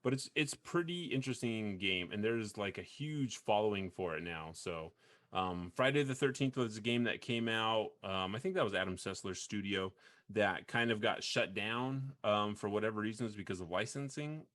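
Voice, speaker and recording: A man hosting a video game podcast in casual chat, rambling with frequent restarts and quick laughs. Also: lowish voice, fairly bright tone. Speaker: podcast host.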